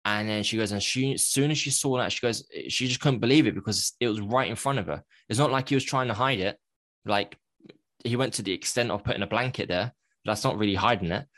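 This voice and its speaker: Guy, lowish voice, guest on a podcast telling his own story, thoughtful, keeps correcting himself, dry sound. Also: fairly bright tone, dry recording. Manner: candid, reflective, frequent self-corrections. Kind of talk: personal storytelling in a podcast interview.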